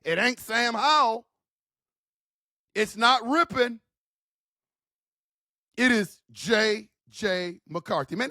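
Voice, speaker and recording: A man's voice: sits high, sharp tone, no echo, studio quality. A man hosting his own football channel, giving fired-up, emphatic opinions in a casual slangy way and repeating his points. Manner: casual slangy talk, calls listeners man. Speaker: sports channel host. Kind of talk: opinionated football commentary vlog.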